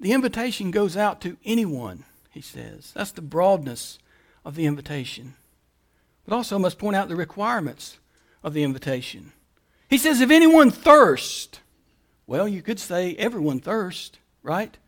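A man preaching a sermon, moving between quiet, explanatory passages and loud, emphatic calls. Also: high-pitched, sing-song, normal speed. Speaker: pastor.

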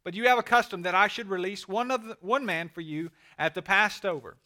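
A man's voice: sits high, a little fast, sharp tone, pitched above the performer's own voice. A man reading the lines of a Roman governor questioning a prisoner, in a raised, questioning tone.

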